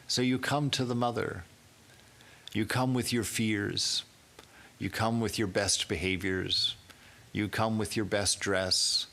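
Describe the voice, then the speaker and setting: A swami giving an emphatic sermon, building through rhetorical questions. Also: male voice, lowish voice, steady tone, takes it slowly, pushed and bright.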